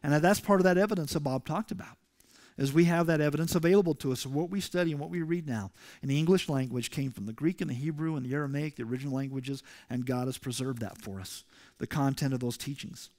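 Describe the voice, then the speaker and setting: A male pastor preaching a sermon to his congregation, emphatic and rising loud when he reads scripture. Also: on the high side, quick pace. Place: church sanctuary.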